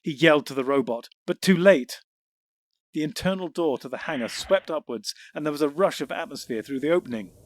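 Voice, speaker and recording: A man reading audiobook narration in a measured, descriptive way. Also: fairly high pitch, dry recording. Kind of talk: scripted narration.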